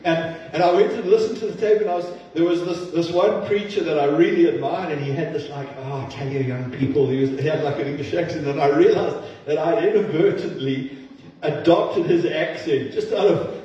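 In a church sanctuary, a male pastor with a fairly high, mellow voice preaches a little fast, earnest and conversational, dropping self-deprecating asides. The recording is distant, roomy, and dull-toned.

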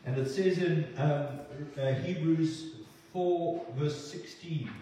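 Earnest preacher in an echoey hall. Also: male voice, a little high, warm tone, slight background noise. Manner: halting, repeats words, earnest. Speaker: pastor. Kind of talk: sermon. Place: church hall. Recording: echoey hall, distant mic.

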